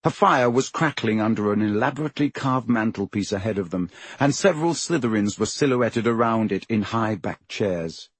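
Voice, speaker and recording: A man narrating a storybook in a steady, measured reading. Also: fairly low pitch, breathy edge, dry recording. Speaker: audiobook narrator.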